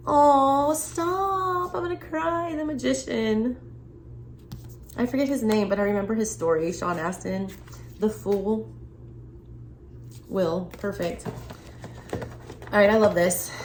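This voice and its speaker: A casual, excitable woman talks through a tarot deck, reacting freely and swearing now and then. Her voice sits a little low. The room is echoey with a faint hiss behind her. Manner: chatty, excitable, swears casually, frequent laughs. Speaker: tarot reader. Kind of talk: casual unboxing and tarot reading.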